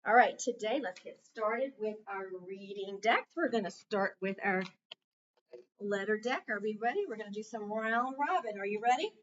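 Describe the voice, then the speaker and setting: A woman teacher in a classroom, clearly and patiently prompting her students through a reading lesson. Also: medium pitch, normal speed, highs cut off, background noise. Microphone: camera set up in the room.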